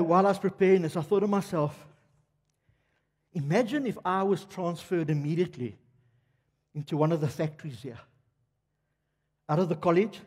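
The sermon comes from an older South African man with a fairly high, slightly rough voice and a darkish tone. Speaking straight to his congregation in a church hall, he fires off rhetorical questions, and the hall's long reverb trails each line.

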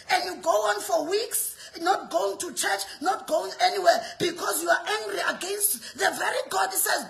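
A woman preacher delivering an impassioned sermon, shouting and repeating her lines with rhetorical questions. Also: extremely high pitch, normal speed, vocal fry, hardly any pauses.

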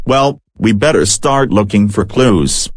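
A man hosting a children's show, gently asking young viewers questions and encouraging them. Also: lowish voice, expressive, a little slow, dry recording, studio quality.

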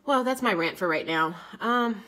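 A woman's voice: medium pitch, lively intonation, normal speed, pushed and bright, poor audio. A young woman vlogger delivering an indignant, sarcastic political rant to her camera. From United States.

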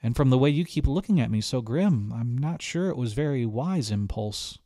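A man's voice: medium pitch, animated, moderate pace, mellow, dry recording, studio quality, voice pushed up. A man voicing an earnest young girl stowaway, speaking in a raised, pleading voice. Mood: eager.

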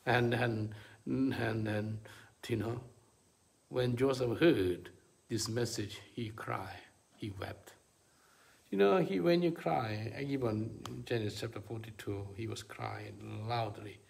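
A man preaching a sermon, his voice gravelly with fry at the bottom. His English is halting and non-native, with plenty of fillers. He swings between quiet low murmurs and sudden high, ringing peaks of emphasis.

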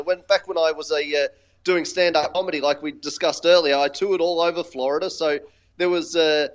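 Halting man on a dull lo-fi line. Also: on the high side. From Australia. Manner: halting, many fillers and restarts. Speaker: guest. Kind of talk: casual interview chat.

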